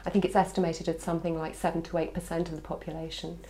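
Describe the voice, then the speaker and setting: A woman scholar explaining at length in a measured interview style. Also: on the low side, little pitch movement, mellow. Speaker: language scholar.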